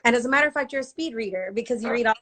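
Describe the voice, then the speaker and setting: Chatty woman with a bright voice. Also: on the high side, rapid-fire. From Latina. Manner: chatty, rambling, acts out quoted thoughts. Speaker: actor on a live chat. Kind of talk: casual chat. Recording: live social video.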